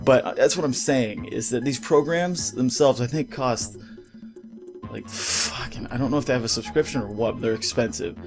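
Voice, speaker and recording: Brief: male gaming vlogger, mid-range pitch, heated profane rant, studio mic, soft music underneath. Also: moderate pace. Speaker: gaming YouTuber. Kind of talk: ranting vlog commentary. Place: home recording setup. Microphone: studio mic with pop filter.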